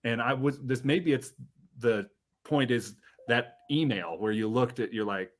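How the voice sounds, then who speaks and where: Low-key man hosting a podcast. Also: a little slow. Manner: low-key, brief acknowledgements. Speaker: podcast host. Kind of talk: interview questions.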